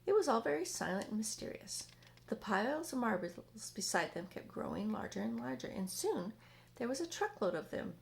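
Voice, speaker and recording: A woman reading a children's book aloud in an expressive, dramatic way. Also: a little high, moderate pace, gravelly. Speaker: storyteller.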